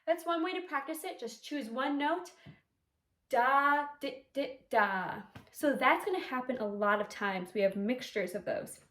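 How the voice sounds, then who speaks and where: Female flute teacher, high voice, clear step-by-step explaining, roomy echo. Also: expressive, normal speed, hardly any pauses, fairly bright tone. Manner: clear step-by-step explaining, sings articulation syllables. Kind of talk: instrumental music lesson. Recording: echoey room.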